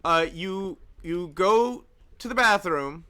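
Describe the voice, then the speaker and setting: A man's voice: high voice, lively intonation, takes it slowly, pushed and bright, clear, resonant tone. A man hosting a livestream, chatting casually and teasing his friends. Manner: joking, teasing. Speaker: streamer host.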